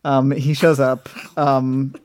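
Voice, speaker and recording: A man's voice: medium pitch, level tone, slow, a little mellow. Playful man laughing through casual chat. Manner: playful, campy, laughs often. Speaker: podcast co-host.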